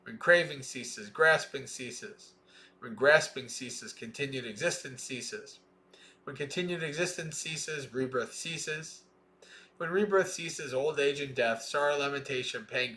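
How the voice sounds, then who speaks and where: A man reading a Buddhist scripture aloud in a slow, measured way, with plain explaining asides between passages. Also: medium pitch, pushed and bright. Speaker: Dhamma reader.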